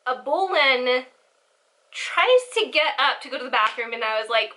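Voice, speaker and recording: A young woman in her twenties tells a story with a high, bright voice. She rambles and giggles, and her telling is loose and animated. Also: normal speed. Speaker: vlogger. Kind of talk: casual storytelling.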